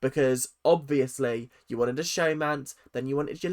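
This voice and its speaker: A man's voice: medium pitch, normal speed. A young British man chatting sassily and animatedly to his viewers in a casual reality-TV commentary rant. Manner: chatty, sassy, animated, talks straight to viewers.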